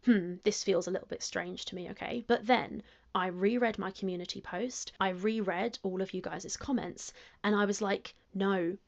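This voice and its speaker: Woman, gravelly voice, self-justifying talk to camera, muffled clip sound. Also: medium pitch, steady tone, moderate pace, few pauses. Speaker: youtuber being reacted to. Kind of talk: explaining to camera.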